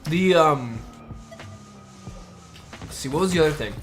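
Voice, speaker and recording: A man's voice: fairly high pitch, expressive, a little slow, faint music behind. A man from the United States chatting casually on a stream, rambling and restarting often. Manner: rambling, with many fillers and restarts. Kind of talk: casual chat.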